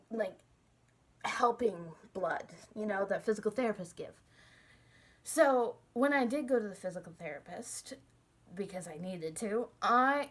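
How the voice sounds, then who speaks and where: A young woman talking candidly in a casual personal monologue, chatty and open, laughing at herself now and then. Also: fairly high pitch. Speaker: student sharing recovery story.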